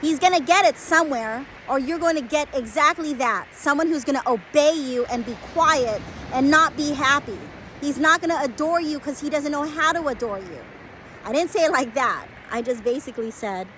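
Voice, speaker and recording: A woman's voice: on the high side, normal speed, background noise. A woman in her forties, an acupuncturist, giving blunt, emphatic advice through a conversational story.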